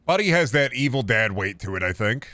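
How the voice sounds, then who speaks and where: A man from Iowa streaming a game, reading chat questions aloud and answering with offhand jokes and gruff mock-dad phrases. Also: mid-range voice, sing-song, a little fast, sharp tone, no room sound, studio quality. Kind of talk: casual live-stream chat while gaming.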